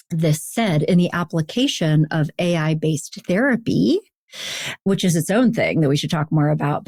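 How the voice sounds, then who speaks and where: A woman's voice: sits low, mellow, dry recording, clean studio sound. A woman podcast host interviewing a guest in an engaged, affirming way. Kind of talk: conversational interview.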